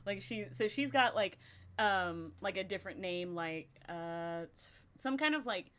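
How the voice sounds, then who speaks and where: A woman's voice: medium pitch, lively intonation, unhurried, fairly bright tone. Rambling young woman chatting on a stream. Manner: rambling, lots of filler likes. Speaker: podcast co-host. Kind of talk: casual live-stream chat.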